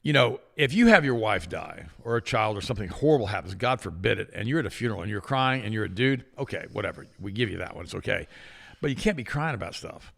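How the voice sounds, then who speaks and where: A man's voice: on the low side, fast, gravelly. A man co-hosting a talk show, telling stories with acted-out quotes in opinionated casual talk. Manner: lively storyteller, acts out quoted voices, repeats himself.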